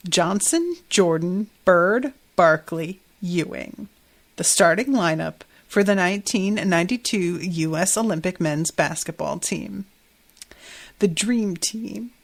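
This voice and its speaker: A woman voicing a pompous old male vampire who speaks gravely and deliberately. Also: on the low side, animated, full character voice. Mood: solemn.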